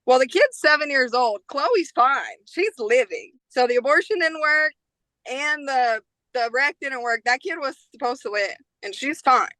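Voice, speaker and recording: A young woman in her twenties recounts a story as a podcast guest, her voice bright and sharp with a slightly raised pitch. She talks casually, throws in slang, and acts out what others said. The sound is close and dry. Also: lively intonation, measured pace, no echo, low-quality recording. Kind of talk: emotional personal storytelling.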